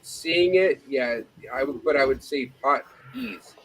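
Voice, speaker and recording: A man's voice: medium pitch, a little slow, background noise. A man in a casual chat who thinks aloud and hesitates mid-sentence.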